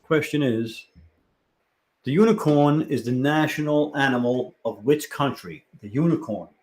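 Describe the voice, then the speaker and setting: On a low-quality recording, a man with a fairly high, darkish voice hosts a live-stream trivia game. He chats casually, thinks out loud, and reads viewers' answers aloud as they come in.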